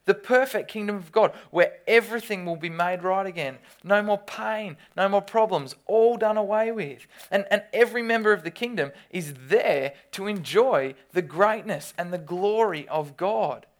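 A preacher, giving a sermon with animated storytelling and quick restarts. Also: mid-range voice.

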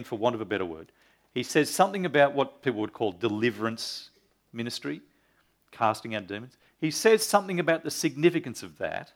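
Male pastor preaching. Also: medium pitch. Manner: earnest teaching tone, asks the audience questions, reads scripture aloud. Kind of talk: sermon.

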